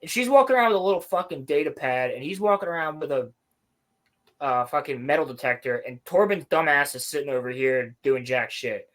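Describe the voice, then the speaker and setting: Young male podcast co-host, high-pitched, profane and mocking in casual recap chat. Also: expressive, fairly quick.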